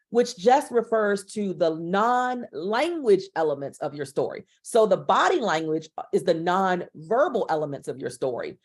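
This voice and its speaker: A woman in midlife lectures on public speaking with expressive control. She drops low and slow, then lifts into a brighter, quicker delivery to show the contrast. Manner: dynamic, shifts volume and pace to demonstrate. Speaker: speaker trainer.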